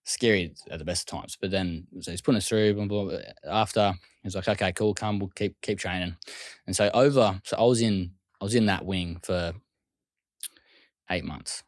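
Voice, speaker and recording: An Australian man, a guest telling stories casually and acting out other people's lines in quick quoted voices. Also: sits low, no room sound, studio quality. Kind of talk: casual storytelling.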